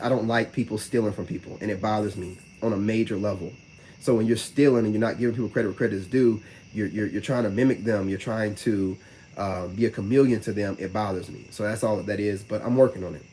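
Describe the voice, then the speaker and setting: His voice is on the low side, steady and a little mellow, with slight background noise. He's a vlogger addressing his live chat in loose, rapid, slang-heavy talk, often dropping "you know what I'm saying."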